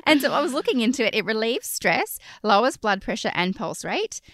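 A woman's voice: on the high side, big pitch swings, a little fast, a bit bright, dry recording. Aussie woman hosting a podcast, chatty and outgoing, dry close sound. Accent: Australian. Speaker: podcast co-host. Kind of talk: casual podcast chat. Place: closet at home, recording remotely.

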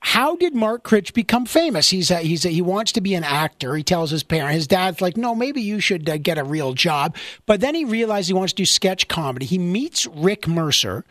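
A man's voice: sits high, very animated, moderate pace, few pauses, fairly bright tone, dry recording, clean studio sound. A man hosting a casual interview, playful and teasing, full of jokey asides. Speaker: interview host.

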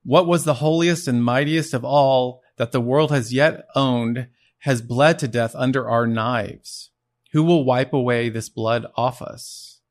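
A man's voice: medium pitch, natural voice. A man voicing a frantic male madman preaching in a marketplace, reading the passage aloud with rising intensity.

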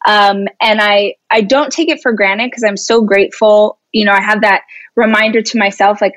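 A woman in her thirties, a guest speaker talking in an animated, expressive way during a casual interview. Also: medium pitch, moderate pace, dry recording, dull audio. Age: 30s. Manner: animated and expressive, laughs easily.

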